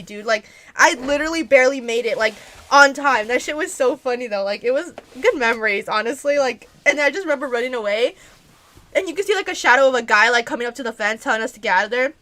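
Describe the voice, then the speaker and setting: A woman's voice: high voice, sharp tone. A young adult woman streamer telling a story in casual chat, rambling with constant "like" fillers and frequent swearing. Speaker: streamer answering viewer questions.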